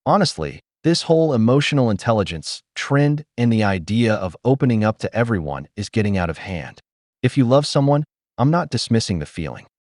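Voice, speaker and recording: A man's voice: lowish voice, very animated, brisk, a little mellow, dry recording, studio quality. A man hosting a commentary video, blunt and opinionated in his reactions. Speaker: commentary host.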